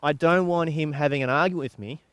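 A man with an Australian accent working as a horse trainer, explaining groundwork exercises in a relaxed, conversational way, pausing and restarting as he goes. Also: a little high, clear, resonant tone, dry recording. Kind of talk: instructional video talk.

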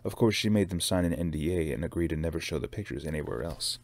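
A man narrates a novel aloud in a steady, measured reading. His voice sits very low. He reads as the host of his own book-reading series. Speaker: reader.

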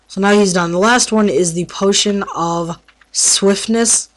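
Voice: medium pitch, normal speed. A gameplay tutorial narrator in casual commentary, who stumbles over words while explaining and throws in playful trash talk.

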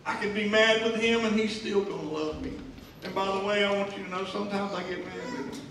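A man preaching a sermon, swinging from soft and slow to loud and emphatic. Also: sits high, steady tone, background noise. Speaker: pastor. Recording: echoey church hall, mic at a distance. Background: band music playing.

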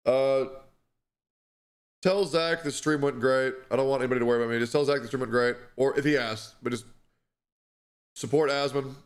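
A young man streaming live, distressed and stressed, talking in halting, repeated words with apologies and heavy swearing. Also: mid-range voice, fairly even intonation.

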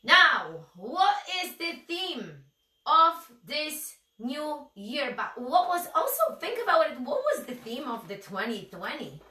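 A woman's voice: high voice, very animated, slow pace, sharp tone, distant mic. A woman with a Russian accent co-hosting a motivational show, urging listeners with questions. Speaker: podcast co-host. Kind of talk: motivational talk. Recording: echoey room, off-mic.

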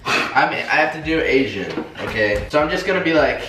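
A man's voice: a little high, lively intonation, fairly quick, sharp tone. A young man chatting with friends, joking and self-deprecating, recorded far off in an echoey, noisy room. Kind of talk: casual group chat.

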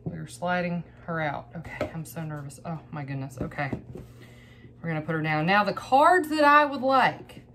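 A woman hosting her own channel, opening trading cards in a bubbly, excitable, rambling way. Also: fairly low pitch, moderate pace, slight background noise. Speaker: host of a card-opening channel. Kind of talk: casual card-opening vlog.

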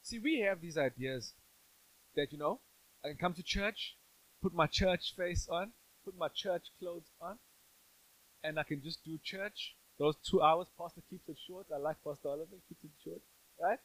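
A man's voice: fairly high pitch, moderate pace, a bit bright, low-quality recording. Playful pastor preaching to his church. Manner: conversational and playful, asks the congregation questions. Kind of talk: sermon.

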